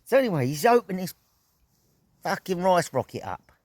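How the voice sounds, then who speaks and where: A middle-aged man vlogging outdoors at an evening camp, telling a story in a casual, animated way, full of slang, swearing and sound effects. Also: high-pitched, moderate pace, no room sound.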